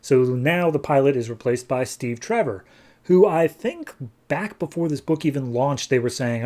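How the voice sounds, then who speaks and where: A man's voice: mid-range voice, animated, normal speed, warm tone. A man hosting a podcast, recapping a comic book in a chatty, loose way with lots of fillers. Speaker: podcast host. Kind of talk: casual comic book review.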